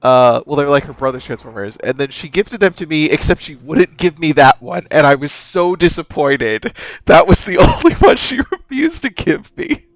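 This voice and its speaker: Man, chatty storyteller in casual game-night talk, gravelly, very lively pitch, dry dull call audio. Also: normal speed, few pauses, no room sound. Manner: chatty storyteller, laughs often. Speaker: board game player. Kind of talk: casual chat over a voice call.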